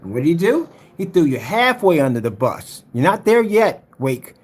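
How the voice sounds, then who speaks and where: A man's voice: on the high side, sing-song, normal speed, husky. A man hosting a livestream, ranting in a heated, mocking way and talking straight to his chat. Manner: heated, mocking, repetitive, talks to chat directly. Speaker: livestream host.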